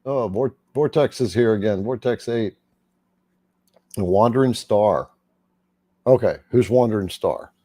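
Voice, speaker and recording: A man's voice: lowish voice, a little slow, pauses often, dark tone, breathy edge, no room sound. A man hosting a casual livestream, chatting and greeting viewers by name. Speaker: livestream host.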